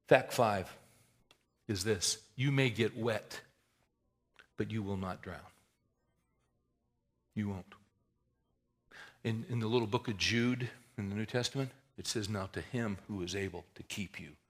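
A pastor with a lowish voice preaches a sermon in a folksy, conversational style, building to emphatic swells and then sinking into hushed prayer.

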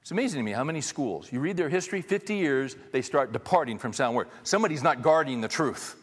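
A man's voice: medium pitch, animated, quick pace, breathy edge, big-room sound. A man preaching a sermon to his congregation, emphatic and conversational, driving points home through repetition. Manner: emphatic, repeats key phrases for stress; conversational, addresses the congregation directly. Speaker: pastor.

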